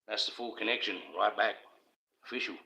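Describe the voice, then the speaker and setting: A man's voice: on the low side, little pitch movement, brisk, bright, forceful tone, low-quality recording. A middle-aged Australian man talking on his own livestream, rambling in an aggrieved, conspiratorial way and speaking straight to his viewers. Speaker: livestream host.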